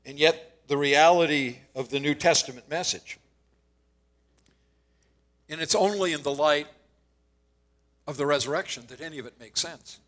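High, bright-voiced male preacher. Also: moderate pace, pauses often, low-quality recording. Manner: earnest teaching, quoting scripture, occasional stammered restarts. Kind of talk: sermon.

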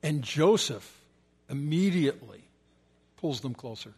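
Male preacher with a slightly high voice, emphatic and repetitive, sometimes sinking to a hush. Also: animated, normal speed. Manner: emphatic repetition, often dropping to soft, low tones. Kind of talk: sermon.

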